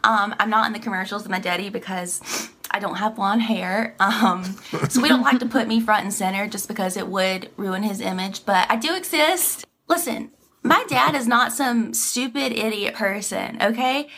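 A woman's voice: mid-range voice, moderate pace, a bit bright. A woman playing an entitled, ditzy governor's daughter and young mom, in a comedy sketch. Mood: sugary. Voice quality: sugary, ditzy, oblivious.

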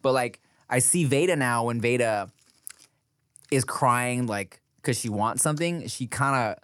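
A man chatting casually as a podcast co-host, relaxed and storytelling, often quoting his little daughter in a high voice. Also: a little slow, no echo, clean studio sound. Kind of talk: casual crude chat.

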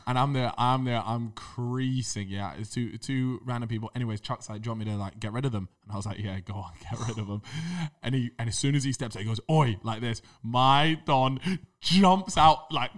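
A young man in a casual podcast chat, telling a story in slangy, animated bursts with lots of repeated fillers. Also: fairly low pitch, fast talker, hardly any pauses. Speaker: podcast co-host.

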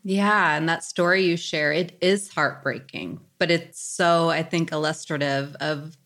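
A woman in her forties, a psychologist guest on a podcast, explaining things calmly and reflectively. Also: low voice, a little slow. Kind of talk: podcast conversation.

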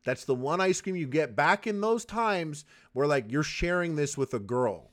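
Animated, laughing young man chatting. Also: fairly high pitch, moderate pace. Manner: animated, laughing, swears freely, acts out scenes. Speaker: podcast co-host. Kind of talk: casual chat.

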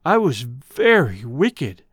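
A man's voice: mid-range voice, very animated, takes it slowly, breathy edge, no room sound, studio quality, exaggerated voice. A man reading the lines of a remorseful young woman, a former chorus singer, with an earnest, confessional manner.

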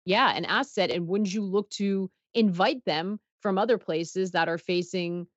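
Low-voiced woman hosting an interview. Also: a little slow, no echo, highs cut off. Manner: conversational, reads viewer questions aloud. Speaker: interview host. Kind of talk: interview questions.

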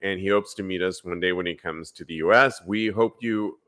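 A man's voice: low-pitched, a little fast, fairly bright tone. A man from San Francisco hosting a live podcast, upbeat as he reads listener emails and announcements. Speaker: podcast host.

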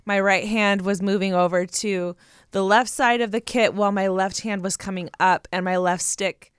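A woman's voice: medium pitch, fairly even intonation, moderate pace, clear, resonant tone, dry recording, clean studio sound. A woman telling a story in casual chat to viewers, laughing often and restarting her sentences. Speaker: co-host.

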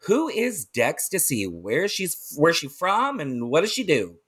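A man's voice: a little high, huge pitch swings, measured pace, fairly bright tone, husky. A man hosting a podcast, chatty and gushing, rambling into side stories and laughing often. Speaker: podcast host. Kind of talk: casual interview chat.

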